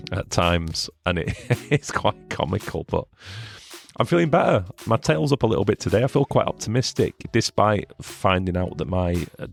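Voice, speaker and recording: A man in his forties with a husky voice from a chest virus, chatting casually and rambling a bit as a solo podcast host. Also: low voice, a little mellow. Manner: chatty, rambling, self-deprecating.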